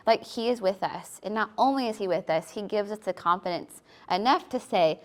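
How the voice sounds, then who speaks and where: A woman's voice: mid-range voice, moderate pace, hardly any pauses. A woman sharing a Bible verse in casual testimony, chatty and laughing now and then. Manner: warm, chatty, laughs between thoughts.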